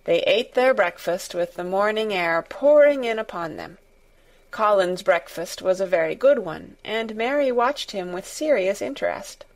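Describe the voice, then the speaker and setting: A woman narrating a storybook in a measured, gentle storytelling manner. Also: mid-range voice, expressive.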